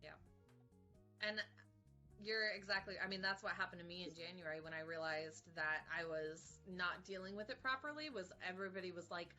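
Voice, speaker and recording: A woman's voice: fairly low pitch, fairly quick, bright, forceful tone, soft background music. A woman guest talking reflectively about her own grief in an interview. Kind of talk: personal interview.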